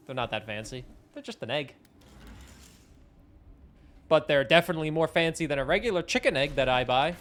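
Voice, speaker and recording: A man's voice: medium pitch, fairly bright tone. A young man streaming a game live, chatting in a rambling, self-mocking way and swearing casually. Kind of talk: casual live-stream chat while gaming.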